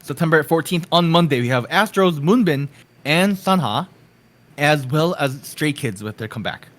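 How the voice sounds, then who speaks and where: A male podcast co-host with a fairly high, fairly bright voice reads out a list of release dates at normal speed, his intonation expressive. He's easygoing and teasing, laughing often through the casual show.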